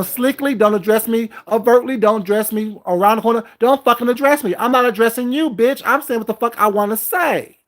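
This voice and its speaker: A male vlogger with a very high-pitched, slightly bright voice launches into an angry, confrontational rant full of heavy swearing, recorded at home. His commentary is heated and profane.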